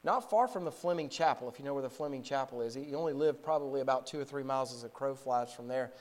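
A pastor in his forties preaching a sermon, moving from a relaxed story to fervent, raised exhortation, with frequent repeated words and restarts. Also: medium pitch, quick pace. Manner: frequent word repetitions and restarts.

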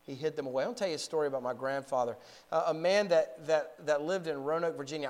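A man in his forties preaching a sermon in a fairly high voice. He tells a story plainly, stumbling and repeating words, then builds to fervent, raised exhortation. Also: quick pace, a little mellow. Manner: frequent word repetitions and restarts. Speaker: pastor.

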